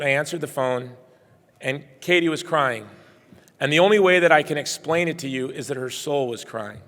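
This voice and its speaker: A middle-aged man delivers a heartfelt keynote speech, telling his own story in an earnest, personal way. His voice sits at an ordinary pitch and swings between hushed passages and loud bursts. A long reverb from the large banquet hall trails every phrase. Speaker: keynote speaker.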